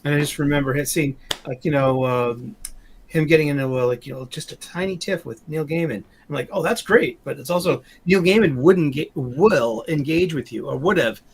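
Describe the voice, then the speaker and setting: A man's voice: on the high side, moderate pace, a little hiss or hum. A man hosting a podcast in casual chat, rambling and often stumbling over his words. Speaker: podcast host.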